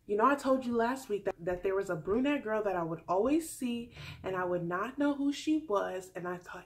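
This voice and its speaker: A woman's voice: mid-range voice, moderate pace. A young woman in her twenties casually recapping a TV episode, chatty and sassy, acting out what others said. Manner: chatty, sassy, animated with mock quotes. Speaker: vlogger recapping a reality show.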